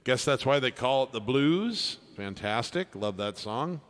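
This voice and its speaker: A livestream piano performer chats casually while reading chat requests, warmly thanking viewers by name and letting his words trail off softly. His medium-pitched voice has lively intonation and an unhurried pace, with a long reverb tail.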